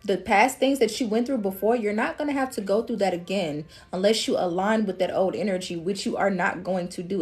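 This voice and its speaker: A woman's voice: medium pitch, brisk, hardly any pauses, darkish tone, soft background music. Chatty woman giving a live tarot reading. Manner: casual, chatty, laughs often, calls listeners love and queen. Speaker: tarot reader.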